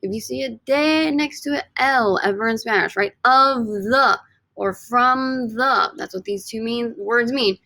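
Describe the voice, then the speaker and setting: Young female teacher, upbeat classroom delivery, slight vocal fry, dry close sound. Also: on the high side, a little slow, sharp tone, no echo. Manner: upbeat, addresses students directly, drills by repetition. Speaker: Spanish teacher. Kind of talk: recorded video lesson.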